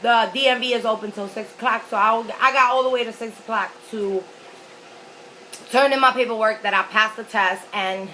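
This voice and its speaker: A young woman with a bright, somewhat high voice tells a long story while she eats, animated and full of swearing. She keeps slipping into the voices of the people in the tale. A faint hiss of noise sits under the recording. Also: moderate pace, poor audio. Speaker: mukbang vlogger. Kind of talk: casual storytelling while eating.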